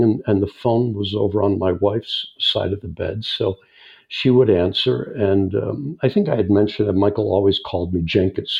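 Older male guest, gravelly, unhurried anecdote-teller, dull lo-fi recording. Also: on the low side. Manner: unhurried, chuckling raconteur. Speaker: guest filmmaker and editor. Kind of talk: anecdotal storytelling in an interview. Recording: dull lo-fi sound.

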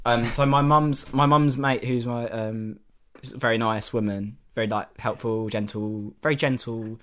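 A man's voice: medium pitch, measured pace, slight background noise. Laid-back young man telling stories. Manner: laid-back, swears, laughs often, animated when telling stories. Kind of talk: casual chat.

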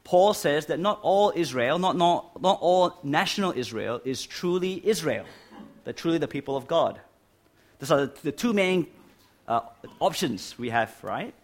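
A man's voice: fairly high pitch, lively intonation, normal speed. Man preaching, lots of "right?". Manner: stresses key words, asks "right?" often. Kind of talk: sermon. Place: church hall with air conditioning.

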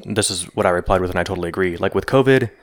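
A man's voice: sits low, racing. A man co-hosting a podcast, talking loosely in casual chat, often trailing off and restarting his thoughts. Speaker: podcast co-host. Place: Colorado.

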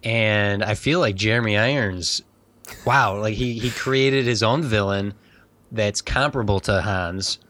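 A man co-hosting a casual movie podcast, talking in a lively way and often mimicking lines. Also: on the low side, unhurried, no echo. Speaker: podcast co-host.

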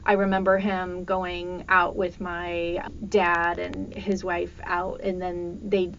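A woman's voice: fairly low pitch, monotone, slow, a bit bright. Woman host, middle-aged, chatty and curious, lo-fi recording with light noise. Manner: chatty, laughs easily, asks questions. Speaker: podcast host. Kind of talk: casual podcast conversation. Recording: dull lo-fi audio with faint noise.

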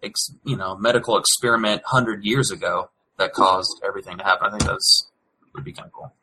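A man in casual chat, pitching an idea hesitantly and thinking out loud. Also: fairly even intonation, fairly quick, noisy background.

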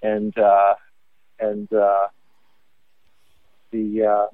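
Over a tinny phone line, a man with a fairly low voice speaks extremely slowly and completely flat, with no room sound. He's a podcast co-host calling in while driving, telling a joke hesitantly and rambling with lots of fillers in a casual chat.

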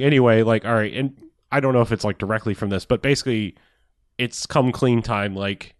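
A man's voice: lowish voice, fairly quick, dry recording, clean studio sound. Rambling, profane man recapping a movie. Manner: rambling, profane, laughs often. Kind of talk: casual movie recap chat.

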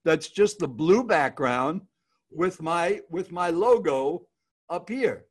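A man's voice: a little high, animated, slow. A man giving casual, upbeat speaking advice on a video call, repeating his key points as he teaches. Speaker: speaking coach guest.

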